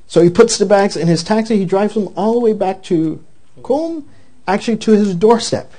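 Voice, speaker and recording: A man preaching a sermon, telling a story with lively acted-out voices. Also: high voice, normal speed. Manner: animated storyteller, acts out the quoted voices.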